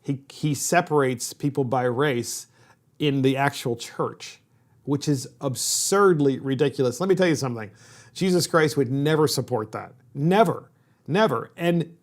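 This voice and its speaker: A man hosts a political commentary podcast. He talks emphatically and hammers his points by repeating them. His voice sits a little high. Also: normal speed. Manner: emphatic, repetitive, indignant. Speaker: podcast host.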